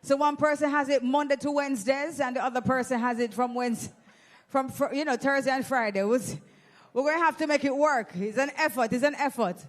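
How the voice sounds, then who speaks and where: Jamaican woman MC, high voice, teasing crowd-work host on a handheld mic. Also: fairly even intonation, a little fast. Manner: playful, teasing, exclamatory. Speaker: event host. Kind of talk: lively audience giveaway hosting. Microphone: handheld microphone.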